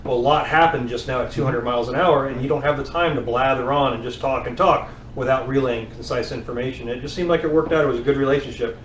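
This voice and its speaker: A man's voice: medium pitch, fast, few pauses. Man talking from a distance in a roomy space. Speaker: guest, race spotter and pilot. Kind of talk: casual podcast chat. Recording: roomy, distant mic, faint noise.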